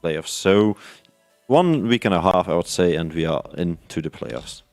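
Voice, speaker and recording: A man's voice: low-pitched, lively intonation, a little slow, a little mellow, soft background music. A man hosting an esports broadcast, explaining standings in a chatty way with frequent fillers. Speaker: esports caster. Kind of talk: esports match commentary.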